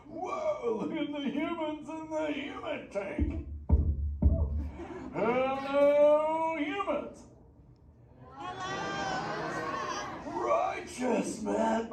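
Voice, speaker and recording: Brief: a high, bouncy surfer-dude sea turtle with a lazy drawl; echoey theater, heard from a distance. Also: male voice, background noise, heavily acted. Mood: stoked. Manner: surfer slang, chill and playful. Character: laid-back surfer sea turtle, male, young. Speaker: live interactive show character. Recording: echoey theater recorded from far off.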